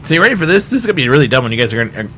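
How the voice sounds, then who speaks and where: Male podcast host with a bright voice, asks questions and keeps the panel moving. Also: medium pitch, sing-song, very fast, slight background noise. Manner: leads discussion, asks panel for ratings. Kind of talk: casual panel chat. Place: podcast studio.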